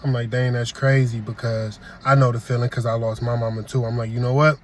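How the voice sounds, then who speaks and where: A young man from Detroit telling a comic story, deadpan, slipping into quoted voices. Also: mid-range voice, a little fast, a little hiss or hum. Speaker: comedic storyteller. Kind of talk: comedy skit monologue.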